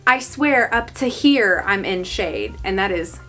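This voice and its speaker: A young woman, chatting excitedly to camera in a lifestyle vlog, full of gasps and exclamations. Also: medium pitch, unhurried, soft background music. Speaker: lifestyle vlogger. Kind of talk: casual chat to camera. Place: home, also outdoors.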